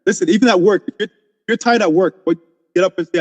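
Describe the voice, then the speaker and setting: A man co-hosting a casual podcast discussion, emphatic and opinionated, talking in quick bursts. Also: high-pitched, lively intonation, in a large hall, dull audio. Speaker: podcast co-host.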